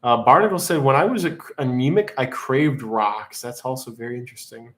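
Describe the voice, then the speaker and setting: A man's voice: medium pitch, brisk, a bit bright. A man hosting a live-streamed auction in casual chat, rambling and joking as he reads out the chat. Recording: echoey room.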